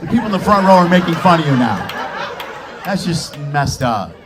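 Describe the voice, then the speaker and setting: A man on stage doing stand-up crowd work, teasing audience members with quick jabs. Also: on the high side, sing-song. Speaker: stand-up comedian. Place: stage in front of a live audience. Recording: live show with roomy echo and crowd noise.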